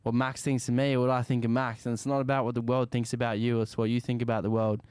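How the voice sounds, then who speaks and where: A young Australian man, a musician guest, talking casually in an interview in a laid-back, soft-spoken way that often trails off. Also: medium pitch, little pitch movement, quick pace, smooth, dry recording, clean studio sound.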